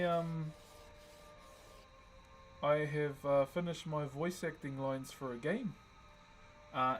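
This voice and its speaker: A laid-back young man with a New Zealand accent chats easily with his stream viewers, his voice sitting a little high. Faint music plays under him. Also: low-quality recording. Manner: laid-back, greets chat viewers by name. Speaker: livestream host. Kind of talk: casual livestream chat while wood carving.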